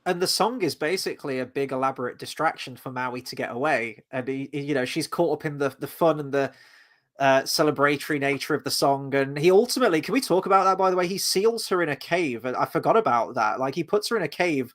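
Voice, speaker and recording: A man with a slightly raised pitch talks through a favourite film moment in casual podcast chat. He is animated and retells scenes vividly, with a casual swear here and there. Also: quick pace. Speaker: podcast co-host.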